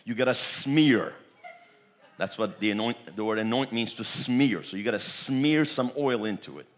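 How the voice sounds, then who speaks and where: Chuckling charismatic preacher, low-voiced man. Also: lively intonation, moderate pace. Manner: repetitive, chuckling, bursts into tongues. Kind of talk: charismatic sermon.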